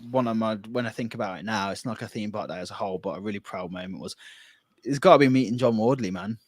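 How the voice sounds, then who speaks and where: A man with a lowish voice, co-hosting a podcast, reads out listener messages and chats in a relaxed way. His speech is full of fillers, recorded dry and close. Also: fast talker, no room sound. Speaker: podcast co-host. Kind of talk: casual chat, reading listener messages.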